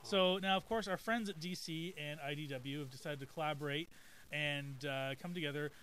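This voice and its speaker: Bright high-voiced chatty man. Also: normal speed, slight background noise. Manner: chatty, laughs often, trails off with fillers. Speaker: comic book show host. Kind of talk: casual chat.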